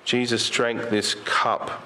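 A man preaching a sermon in a conversational way. He often asks rhetorical questions and slows down and rises when he quotes scripture. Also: medium pitch, level tone, pushed and bright. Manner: slows down and lifts his voice when quoting Jesus.

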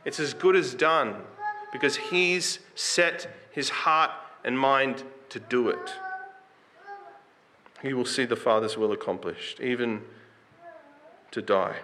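A man's voice: medium pitch, takes it slowly, pauses often, pushed and bright, slight background noise. A man preaching a sermon in a conversational way, reading scripture and putting questions to his listeners. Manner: reads scripture aloud with rising emphasis.

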